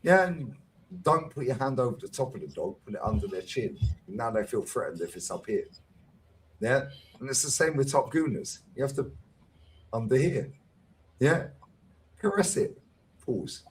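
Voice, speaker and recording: A man's voice: medium pitch, normal speed, pauses often, a little hiss or hum. A man hosting a fan talk stream, telling stories in casual chat with plenty of slang and swearing. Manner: swearing, slangy, lively storytelling.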